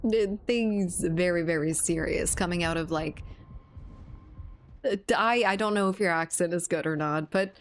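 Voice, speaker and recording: Low-voiced woman chatting on stream. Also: normal speed, slight background noise. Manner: chatty, swears freely, laughs often. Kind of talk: casual chat with stream viewers.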